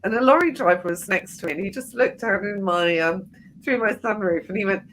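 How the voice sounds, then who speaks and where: A woman hosting a podcast interview, chatty and full of animated anecdotes. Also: medium pitch, brisk, a little hiss or hum. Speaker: podcast host. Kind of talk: conversational interview.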